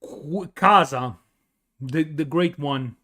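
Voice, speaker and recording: A man's voice: a little high, takes it slowly, bright, forceful tone. Tired Italian man chatting with viewers. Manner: chatty, explains with many fillers and restarts. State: tired from little sleep. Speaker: streamer answering chat. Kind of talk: casual chat reading viewer questions.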